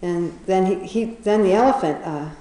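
A woman's voice: medium pitch, moderate pace, mellow, reverberant, low-quality recording. A woman casually retelling a children's fable, chatty, often laughing, with many fillers and restarts. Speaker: storyteller.

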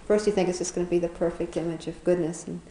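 A woman retells an animal fable in a loose, rambling way, chuckling and filling gaps with fillers. Her voice is low and mellow. The room around her is roomy and echoing, with faint noise underneath. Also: steady tone, quick pace. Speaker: storyteller. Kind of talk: casual storytelling. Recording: roomy echo.

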